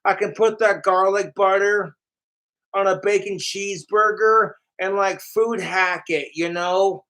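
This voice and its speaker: High-voiced man ranting slowly. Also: steady tone, pushed and bright. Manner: profane, mocking, rambling. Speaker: streamer. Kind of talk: ranting live stream. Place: home apartment.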